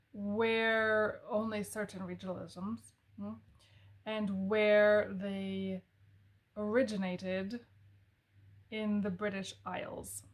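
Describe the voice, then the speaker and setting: A woman casually talking through a history book she recommends, thoughtful and musing, pausing with fillers and correcting herself. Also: mid-range voice. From American South family. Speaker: book reviewer.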